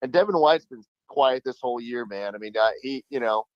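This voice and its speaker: A man's voice: medium pitch, brisk, no room sound, lo-fi sound. A man calling in to a sports talk show, talking casually and sounding resigned, with lots of fillers. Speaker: caller.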